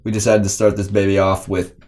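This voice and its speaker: A young man co-hosting a casual filmmaking podcast, animated and joking as he rambles through analogies. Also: on the low side, fairly quick. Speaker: podcast co-host.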